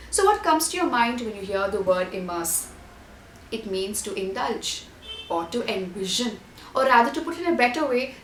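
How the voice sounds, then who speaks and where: A woman's voice: a little high, fairly bright tone, echoey room, slight background noise. A woman giving a scripted online exam-prep lesson, listing tips and repeating key points. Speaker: IELTS tutor.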